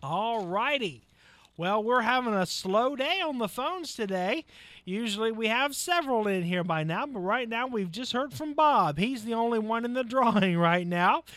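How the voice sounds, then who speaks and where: Man, radio host, folksy, high voice, dry studio sound. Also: expressive, a bit bright, no echo. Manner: folksy, chuckling, with filler pauses. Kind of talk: casual live radio chat.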